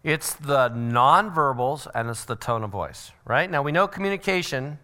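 A middle-aged man giving a church parenting seminar, animated and joking, often acting out what other people say. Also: on the high side, clean tone. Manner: animated, acts out quoted voices. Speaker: seminar speaker.

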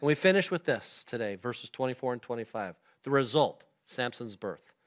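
A man preaching a sermon to his congregation in a lively, animated way, acting out the people in the scripture. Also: medium pitch, normal speed. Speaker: pastor. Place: church sanctuary.

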